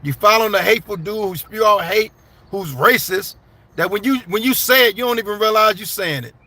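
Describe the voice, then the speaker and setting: Heard on a dry recording, a livestream commentator speaks in a high-pitched, sharp voice at a brisk pace. He reads viewers' comments aloud and gives blunt, conversational answers, referring to them as y'all and man.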